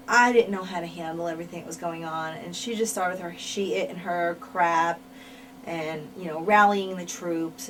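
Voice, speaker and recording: Frank woman recounting, slightly distant mic. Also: fairly low pitch. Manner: frank, repeats words for emphasis. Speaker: interviewee, former wrestler. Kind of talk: candid shoot interview storytelling. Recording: mic at a distance, faint noise.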